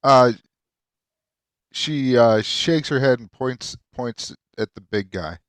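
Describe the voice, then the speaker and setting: A man narrating a tabletop game as game master, halting with many fillers. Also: medium pitch, clear, resonant tone, no room sound.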